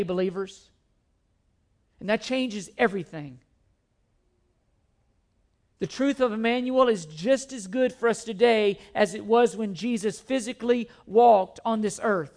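Man, very high voice, pastor, emphatic sermon, repeats key phrases. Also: a little mellow. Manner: repetitive, emphatic preaching with scripture quotes.

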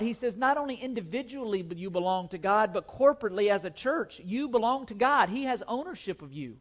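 A man preaching a sermon to his church, earnest and emphatic, often repeating his key phrases. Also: sits high. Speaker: pastor. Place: church sanctuary.

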